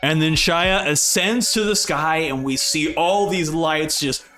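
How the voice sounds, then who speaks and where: A young man hosting a manga reading reaction, excited and animated as he talks. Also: fairly high pitch, measured pace, faint music behind. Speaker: reaction host.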